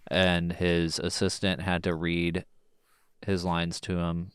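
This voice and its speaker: Slow, smooth, very deep male voice. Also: monotone, no room sound, clean studio sound. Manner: slow, measured, with many "um"s and "yeah"s. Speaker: podcast co-host. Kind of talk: casual film discussion.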